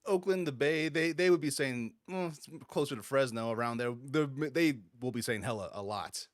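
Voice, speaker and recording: A man's voice: mid-range voice, moderate pace, dry recording, studio quality. A man co-hosting a podcast, teasing the others with frequent laughs and stammered restarts. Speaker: podcast co-host. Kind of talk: casual podcast banter.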